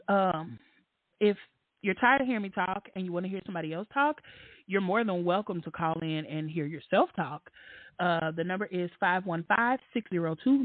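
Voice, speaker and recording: A woman hosting a casual call-in show who talks in a slangy, animated, candid way and swears freely. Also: on the low side, dry recording. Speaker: podcast host. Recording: dry, tinny phone-like line.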